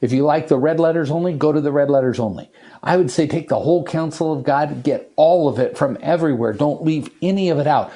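A man preaching an expository sermon, earnest and emphatic, slowing down to stress the scripture he reads. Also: on the high side, mellow. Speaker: pastor.

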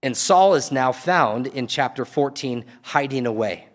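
A man preaching a sermon, retelling a story in a loose, conversational way with quick asides. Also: medium pitch, animated, in a large hall.

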